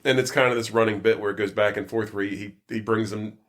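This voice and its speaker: A man's voice: on the low side, steady tone, fast, a bit bright. Laughing, rambling man. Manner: laughs often, rambling storyteller. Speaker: podcast host. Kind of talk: casual chat.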